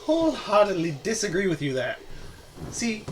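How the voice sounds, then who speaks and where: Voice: medium pitch, very animated, moderate pace, far from the mic, noisy background, pitched above the performer's own voice, natural voice. A player voicing a pompous, eccentric academic professor who lectures in a lofty tone. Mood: lecturing.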